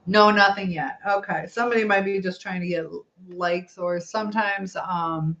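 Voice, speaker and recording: On a slightly dull, lo-fi recording with faint background noise, a middle-aged woman hosts a relaxed live stream, giggling as she reads viewer comments. Her voice is on the low side, steady, fairly bright, and at normal speed.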